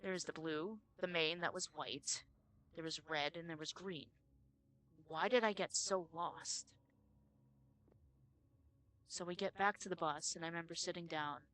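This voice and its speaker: A man's voice: a little high, steady tone, bright, forceful tone. Earnest man telling a spooky tale. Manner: earnest, halting retelling with repeated words. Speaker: storyteller. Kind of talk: telling a personal spooky story.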